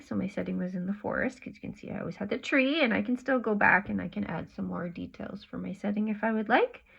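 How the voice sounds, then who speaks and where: A woman teacher giving a gentle lesson to children, dropping into soft whispers while she draws. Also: mid-range voice, creaky, lo-fi sound.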